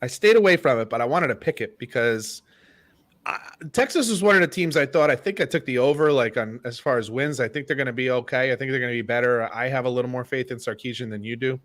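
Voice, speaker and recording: A man co-hosting a sports podcast, chatting casually and telling stories in a relaxed way that often trails off quietly. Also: medium pitch, fast. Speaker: podcast co-host.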